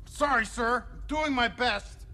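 A dim-witted gunner, apologizing in a very high, bright voice. He drags out every word slowly. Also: full character voice. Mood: apologetic. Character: dim-witted, cross-eyed male gunner.

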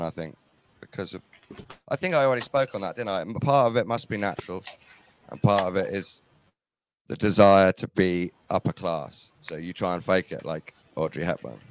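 A man from England with an English accent, a musician guest in a casual interview, talking quietly with dry, wry humor. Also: low voice, slight background noise, rough recording. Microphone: headphones and mic, remote link.

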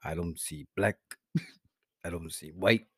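A man's voice: deep voice, unhurried, fairly bright tone, slightly rough, no room sound, clean studio sound, pitched below the performer's own voice, exaggerated voice. A man putting on a swaggering mobster pimp. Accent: mock Italian-American New York. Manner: swaggering, crude. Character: boastful male Italian-American mobster pimp. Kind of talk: improvised comedy bit.

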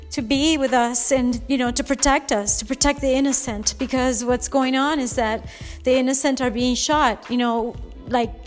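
A high-pitched woman hosts a fitness podcast, talking straight from the heart. She sounds upset and close to tears, earnest throughout. Soft music plays faintly in the background. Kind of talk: personal podcast monologue.

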